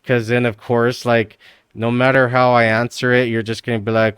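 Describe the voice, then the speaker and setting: Male streamer, loose profane chatter, middle pitch, clean resonant tone. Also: steady tone, normal speed, fairly bright tone, smooth, no room sound, clean studio sound. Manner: rambling, profane, says "dude" constantly. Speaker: livestreamer. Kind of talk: casual livestream chat.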